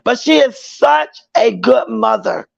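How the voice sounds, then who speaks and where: Woman livestream host, very gravelly high voice, dry lo-fi sound, greets viewers by name, loose slangy chat. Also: takes it slowly.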